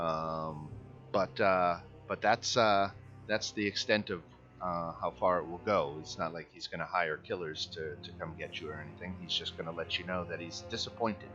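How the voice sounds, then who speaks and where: Relaxed low-voiced man running a game. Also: moderate pace, muffled recording, faint music behind. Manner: relaxed, many filler sounds, chuckles. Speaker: dungeon master. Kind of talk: running a tabletop game online.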